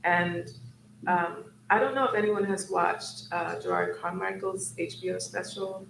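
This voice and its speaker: Woman academic on a panel, thinking out loud with lots of ums, echoey room. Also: lowish voice, fairly even intonation, measured pace, vocal fry. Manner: thoughtful, searching, many ums. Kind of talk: panel discussion. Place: event hall. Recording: roomy hall with faint noise.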